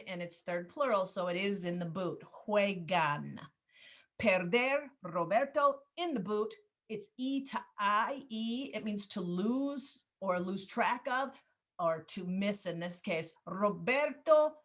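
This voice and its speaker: A woman teaching a Spanish class over a video call, explaining grammar rules patiently step by step and gently calling on students. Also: medium pitch. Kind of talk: online class instruction.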